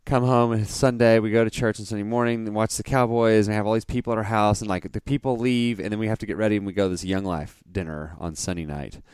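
Casual podcast co-host, male, lowish smooth voice, giggly joke teller, close dry mic. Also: steady tone, fast, hardly any pauses, a little mellow, no room sound. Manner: giggly, breaks into laughter mid-joke. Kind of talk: casual chat telling dad jokes.

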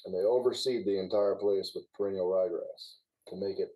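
A man with a very low, husky, mellow voice talks through golf course turf care. He explains in a relaxed, knowing way, chatting casually on a podcast. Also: brisk, poor audio. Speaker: guest, former golf course superintendent.

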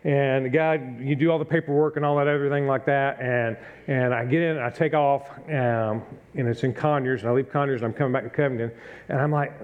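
A man's voice: medium pitch, steady tone, brisk. A middle-aged male pastor preaching a conversational sermon, telling a self-deprecating story and acting out his own frustration.

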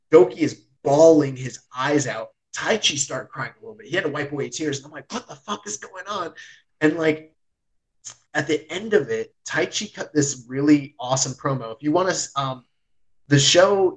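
Excitable man recapping in casual chat. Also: mid-range voice, poor audio. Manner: excitable storyteller, heavy use of "like", swears. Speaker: podcast host reviewing wrestling.

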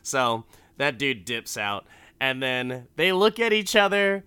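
Man for a casual film recap: slow, rambling, bright and clear. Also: medium pitch, very animated, no echo. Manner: rambling, profane, full of restarts.

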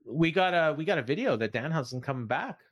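A man's voice: a little high, lively intonation, fast talker, a bit bright. A man co-hosting a wrestling podcast, recapping the week's shows in a loose, rambling way full of fillers and restarts. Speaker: podcast co-host. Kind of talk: casual wrestling recap chat.

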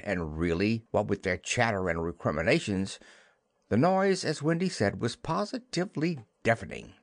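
A man narrating a classic children's novel as an audiobook, in an expressive storytelling manner. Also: fairly low pitch, dry recording, clean studio sound.

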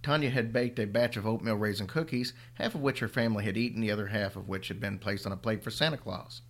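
A man reading a horror story aloud as a podcast host, with a steady, dry delivery. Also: fairly low pitch, quick pace.

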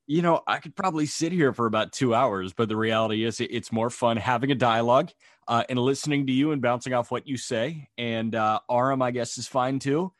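A man's voice: mid-range voice, fairly quick, no room sound, clean studio sound. A man co-hosting a podcast, talking in a wry, joking way. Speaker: podcast co-host. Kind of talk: casual chat.

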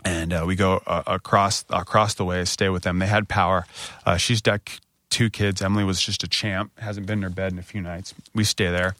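A man in his thirties, a podcast co-host, telling a candid story and jumping up in pitch when he quotes himself. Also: fairly quick, no room sound. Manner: animated retelling, voice rising when quoting himself.

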